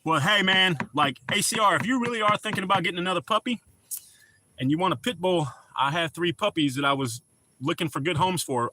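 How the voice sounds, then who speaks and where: A man's voice: fairly high pitch, sharp tone. A middle-aged man hosting a casual livestream, chatting with viewers and greeting them by name. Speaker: livestream host.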